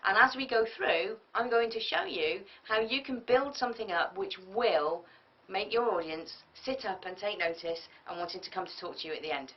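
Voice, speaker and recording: A woman giving a business tutorial, lively and often acting out example speakers. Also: medium pitch, normal speed. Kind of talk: tutorial lecture. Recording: muffled lo-fi audio from a distance.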